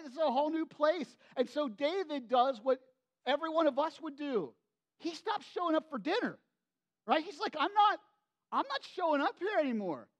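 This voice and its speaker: A man preaching a sermon, retelling a Bible story in an animated, conversational way with frequent asides to the congregation. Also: very high voice. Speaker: pastor.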